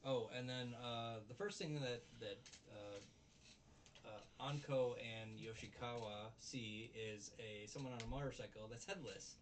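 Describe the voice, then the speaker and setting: A man casually recapping an anime episode with a friend, jumping into high squeaky voices to mimic characters. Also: measured pace, far from the mic. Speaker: podcast co-host.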